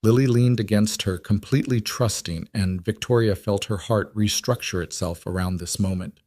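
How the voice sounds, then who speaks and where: A man reading a scripted story in an even, measured narration. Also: fairly low pitch, no room sound, studio quality.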